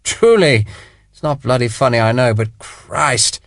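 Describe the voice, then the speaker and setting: A man's voice: mid-range voice, lively intonation, unhurried, a bit bright, dry recording, clean studio sound. A man reading an audiobook, voicing a mocking, rakish aristocratic British officer in a raised, theatrical voice. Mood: rueful joking. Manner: teasing, theatrical, bellowing. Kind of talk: audiobook character voice.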